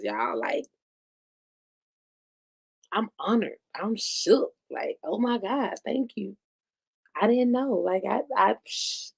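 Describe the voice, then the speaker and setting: A woman hosts a podcast live, talking slowly in a gravelly, rough-edged voice. She chats loosely and directly to her viewers, with plenty of casual asides. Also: a little high. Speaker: podcast host. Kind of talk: casual live-stream chat.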